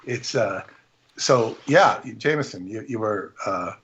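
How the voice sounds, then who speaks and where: A man's voice: fairly low pitch, lively intonation, takes it slowly, fairly bright tone, husky. A man on a casual livestream, telling rambling anecdotes full of restarts and quoted asides. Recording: dull lo-fi stream audio.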